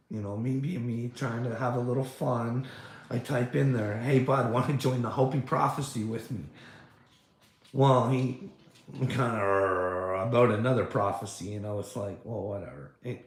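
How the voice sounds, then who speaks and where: A man's voice: mid-range voice, creaky, roomy sound. A man talking casually in a rambling, profane rant, with frequent laughter and many fillers. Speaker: podcast host.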